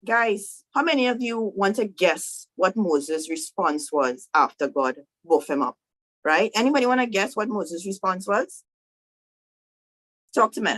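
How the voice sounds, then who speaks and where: A woman preaching a casual, animated sermon to women, checking in with "right?" as she goes. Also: medium pitch, rough recording. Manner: animated, conversational preaching with frequent "right?" to the audience. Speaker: women's ministry speaker.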